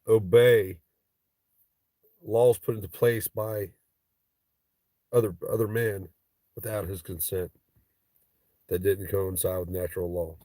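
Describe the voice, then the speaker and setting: A man's voice: fairly low pitch, darkish tone, no echo. A man from Ohio hosting a casual livestream chat with viewers, talking in a blunt, profane, joking way. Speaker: livestream host.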